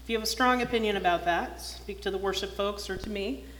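In a church sanctuary, a woman minister reads a children's story aloud with expressive flair and then gives the service announcements plainly. Her voice sits at a medium pitch and moves at a quick pace. The hall sounds roomy, with faint noise in the background.

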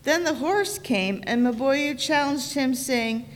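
A woman reading a folk tale aloud during a worship service, in a slow and deliberate way. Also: sits high. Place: church sanctuary. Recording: reverberant church sanctuary.

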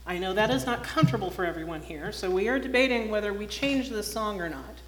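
A woman's voice: mid-range voice, quick pace. A woman minister reading a children's story aloud and giving announcements at a service. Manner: expressive storytelling, plain announcing. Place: church sanctuary. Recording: roomy hall, faint noise.

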